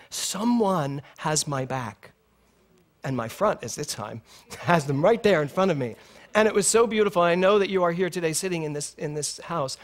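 A middle-aged male minister giving a sermon at a spiritual center, telling a personal story with laughter and acted-out dialogue. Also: on the high side. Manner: animated storytelling, laughing often, acting out dialogue.

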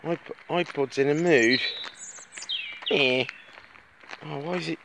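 Gravelly man rambling outdoors. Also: a little high, slow pace. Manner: rambling, chatty, swears freely. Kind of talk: casual vlog monologue. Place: outdoors on a dark road at night, walking. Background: birds tweeting, faint outdoor noise.

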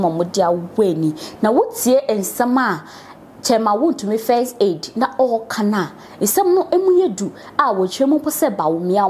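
A woman's voice: mid-range voice, a little mellow, slight background noise. A woman with a Ghanaian accent co-hosting a talk show, setting up questions in Twi and English. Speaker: co-host.

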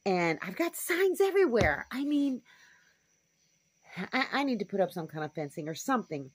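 A woman's voice: mid-range voice, sing-song, normal speed, breathy edge, no room sound. A woman homestead vlogger telling a story to camera in a frank, rambling, casual way. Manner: rambling, frank, with fillers and asides.

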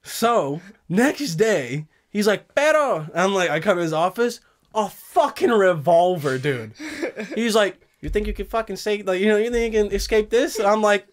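A young man hosting a podcast, telling stories in a loose, animated way, swearing and laughing often. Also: sits high, normal speed. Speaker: podcast host. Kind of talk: casual chat.

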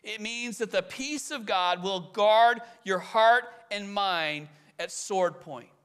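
A man preaching a sermon, earnest and conversational, asking rhetorical questions and slowing down to lean on key phrases. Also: sits high, fairly bright tone, clear, resonant tone. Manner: slows and leans on key phrases. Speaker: pastor.

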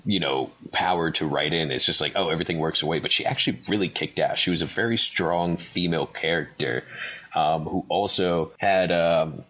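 A man's voice: deep voice, moderate pace, pushed and bright, poor audio. A man co-hosting a podcast, chatting casually and laughing as he retells movie scenes. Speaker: podcast co-host. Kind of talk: casual chat.

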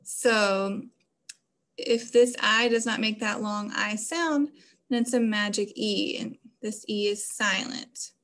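A woman's voice: mid-range voice, fairly even intonation, slow, a bit bright. A woman teaching a phonics lesson to children, explaining patiently step by step.

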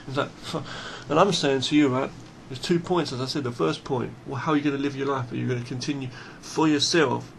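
Man, mid pitch, blunt, swearing, faint background hiss. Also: steady tone, fairly quick, creaky, few pauses. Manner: blunt, emphatic, swears freely; repeats and restarts phrases. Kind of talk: unscripted monologue.

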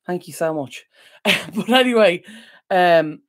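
Speaking at a normal speed in a fairly low, expressive voice, this decluttering channel host answers questions on a casual livestream from a room at home. A desk microphone sits by her computer. She is recovering from illness and comes across rambling, apologetic and easily distracted.

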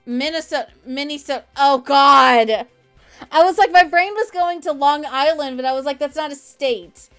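A woman's voice: high voice, normal speed, hardly any pauses, soft background music. A woman live streamer chatting casually from home while she plays a game, rambling as she answers viewers' messages.

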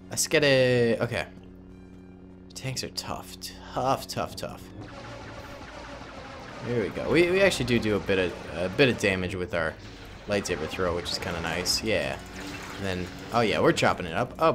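This gaming YouTuber has a voice on the low side with a fairly bright tone. Hosting casual commentary over his own gameplay, he stays playful and jokey, calling his viewers "boys."

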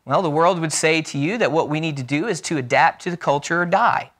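A man's voice: fairly high pitch, fairly quick, few pauses, fairly bright tone. A man preaching a sermon in a church, mixing self-deprecating jokes with earnest, emphatic points. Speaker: pastor. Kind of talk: sermon with opening prayer. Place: church sanctuary.

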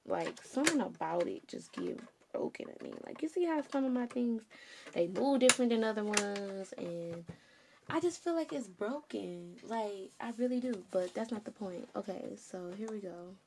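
A woman's voice: mid-range voice, expressive, moderate pace. A woman vlogger talking viewers through a craft project in casual chat, frustrated and calling her viewers y'all. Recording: clear background noise with clicks.

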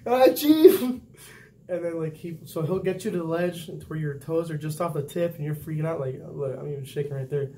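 A young man who is a Navy sailor, chatting casually and telling boot camp stories with lively, laughing delivery. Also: on the high side, fast, few pauses, a little hiss or hum. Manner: animated storytelling, laughs often, acts out quotes loudly. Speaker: vlog host, Navy sailor. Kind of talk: casual chat.

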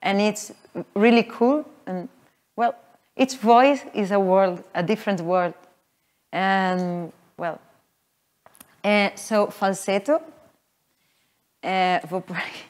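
A woman teaching a voice workshop to a live group, explaining in a halting way with many fillers. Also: mid-range voice, a little mellow. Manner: halting, filler-heavy explaining, with frequent laughs. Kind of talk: live teaching talk with sung demonstrations. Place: workshop room with an audience.

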